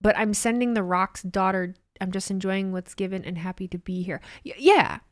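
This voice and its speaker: A young woman hosting a casual livestream, excitable and swearing freely as she reacts to chat comments. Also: medium pitch, moderate pace, no echo, studio quality. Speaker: livestream host.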